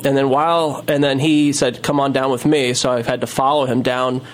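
A man's voice: mid-range voice, little pitch movement, moderate pace. A man telling a long story in casual chat, rambling with many fillers and restarts. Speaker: storyteller guest.

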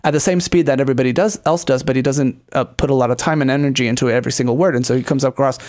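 A man's voice: medium pitch, fairly even intonation, rapid-fire, a little mellow. A man co-hosting a casual talk show, rambling with many fillers and restarts. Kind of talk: casual banter.

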